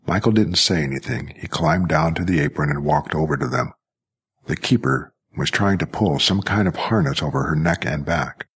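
Very deep, husky male narrator. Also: normal speed, fairly bright tone. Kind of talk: audiobook narration.

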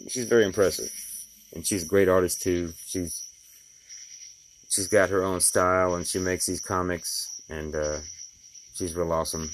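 A man's voice: low voice, a little hiss or hum. A middle-aged man who installs glass, telling stories about his day in a rambling, folksy way with lots of fillers. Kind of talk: casual personal vlog.

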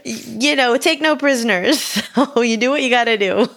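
A woman co-hosting a podcast, upbeat and animated in casual conversation. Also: a little high, moderate pace, vocal fry. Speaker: podcast co-host. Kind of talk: casual chat.

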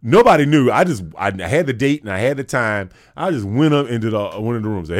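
A man from with a bass voice, telling a funny story in an animated way. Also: quick pace. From North Carolina, USA. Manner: lively, acts out the other people in his story. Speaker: guest.

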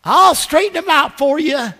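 A man's voice: very high voice, lively intonation, normal speed, sharp tone, in a large hall, voice pushed up, heavily acted. A man voicing a friendly Southern faith healer with a drawling Southern accent. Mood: eager.

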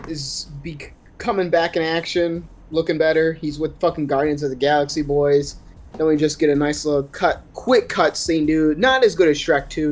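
A man giving a rambling, sarcastic, profane movie recap on a podcast. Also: fairly high pitch. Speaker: podcast co-host.

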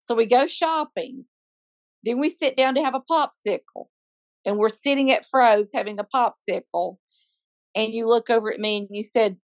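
A woman's voice: fairly high pitch, normal speed, no echo. A middle-aged woman with a Southern US accent, a school counselor co-hosting a podcast, teasing her partner and telling stories with quoted dialogue. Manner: teasing, animated storyteller. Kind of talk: casual chat, storytelling.

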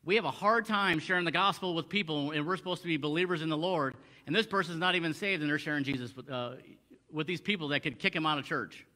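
A man's voice: fairly high pitch, fast, pushed and bright. A man teaching a Bible passage in a conversational sermon, reading verses aloud and explaining them with frequent restarts. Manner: conversational, many restarts, quoting scripture in old English. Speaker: preacher.

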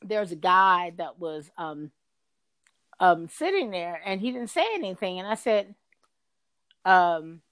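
A middle-aged woman telling a long workplace story in casual chat, her voice jumping high when she gets exasperated. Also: measured pace, long pauses, no echo. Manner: animated, swings to high excited pitch when exasperated.

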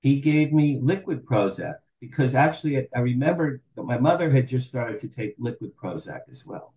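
Man, 60s, podcast guest. Animated storyteller, dark mellow tone, echoey room. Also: mid-range voice, normal speed. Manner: animated, acts out quoted dialogue. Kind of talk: candid storytelling interview.

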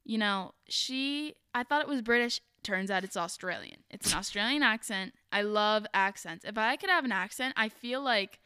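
A young woman co-hosting a podcast, chatty and giggly, talking in quick bursts. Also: medium pitch, animated, sharp tone, clear, resonant tone, dry recording, clean studio sound. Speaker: podcast co-host. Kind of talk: casual chat.

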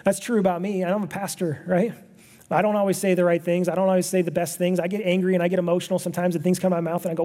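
A man delivers a sermon with an earnest, talk-it-through manner, as if chatting with his congregation. His voice sits slightly high but sounds mellow and relaxed rather than bright. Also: racing. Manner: earnest, conversational preaching with frequent "right?" asides. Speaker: pastor.

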